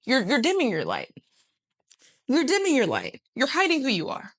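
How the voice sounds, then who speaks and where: A woman in her twenties giving casual motivational talk to camera, emphatic and animated, swearing casually and laughing often. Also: sits high, normal speed, breathy edge. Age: 20s. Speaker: vlogger.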